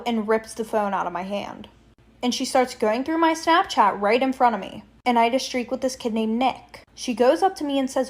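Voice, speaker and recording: Speaking fairly quickly in a high voice, a young woman tells her own stories in a relaxed story-time format. She doesn't hold back, being blunt and candid and cursing freely.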